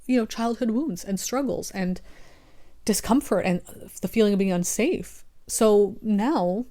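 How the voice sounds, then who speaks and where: A woman's voice: fairly low pitch, a little mellow. A young woman creator talking earnestly about relationships and personal growth, rambling with restarts and fillers. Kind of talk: casual reflective monologue.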